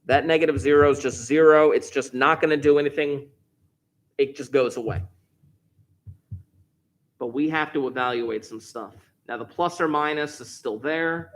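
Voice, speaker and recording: A man teaching a math class, explaining each step in order. He repeats the key points and puts heavy stress on important words. His voice sits at an ordinary middle pitch. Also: a bit bright. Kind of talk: classroom lesson.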